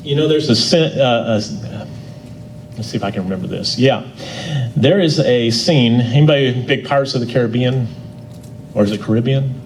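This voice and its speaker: A man teaching a church Bible class in a folksy, conversational way. He often restarts and repeats words, and he gets louder on his key points. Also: medium pitch, moderate pace, slight background noise, low-quality recording.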